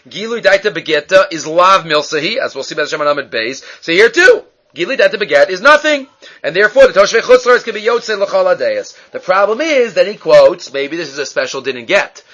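A man's voice: high-pitched, bright, forceful tone. A man teaching a Talmud class, asking and answering his own questions as he explains.

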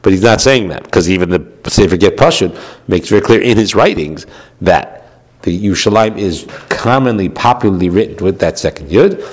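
A man's voice: low-pitched, animated, fairly quick, husky. A man teaching Jewish law in an explanatory lecture, patiently repeating his points and checking in with the listener. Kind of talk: explanatory text-study lecture.

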